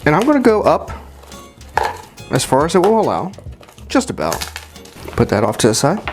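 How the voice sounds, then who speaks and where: Music plays under a man whose slightly high voice swings hugely in pitch at a moderate pace. Walking through cocktails at his home bar, he keeps it chatty and casual, with lots of fillers and self-corrections.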